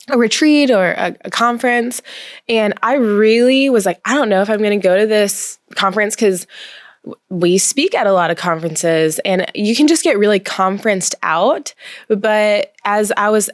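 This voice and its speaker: A woman's voice: medium pitch, no echo, clean studio sound. A woman hosting a podcast, eager and effusive, chatting casually with her guest. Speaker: podcast host.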